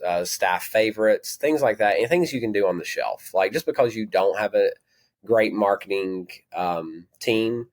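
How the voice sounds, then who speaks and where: Deep-voiced Southern man, rambling retailer. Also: a little mellow. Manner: rambling, self-correcting, apologetic asides. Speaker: natural products retailer, guest. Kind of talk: conversational podcast interview.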